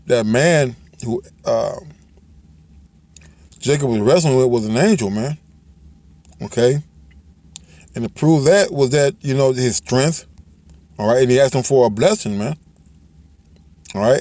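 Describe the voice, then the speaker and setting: A man giving informal Bible teaching, talking loosely and reading scripture aloud in a slow, measured way. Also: medium pitch, darkish tone, dry recording. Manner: loose and conversational, ends phrases with "man" and "all right"; reads scripture aloud in slowed, measured cadence.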